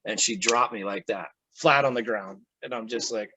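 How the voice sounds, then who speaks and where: A man's voice: fairly low pitch, moderate pace, noisy background. A man, a guest in an interview, telling a personal story casually and acting out what people said. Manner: animated, acts out quoted speech.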